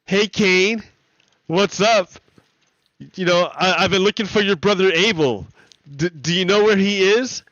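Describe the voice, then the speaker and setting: A man doing a stern male god who scolds in plain, blunt street talk, slow and dry. The god sounds exasperated and knowing. The sound is a little dull. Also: sits high, a bit bright, no room sound, pitched above the performer's own voice. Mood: mock-friendly.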